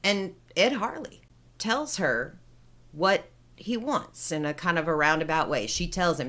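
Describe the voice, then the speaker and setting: Woman podcast host with a deep voice, telling the movie story, chatty. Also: measured pace. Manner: animated storyteller, laughs often. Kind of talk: casual chat, retelling a film plot.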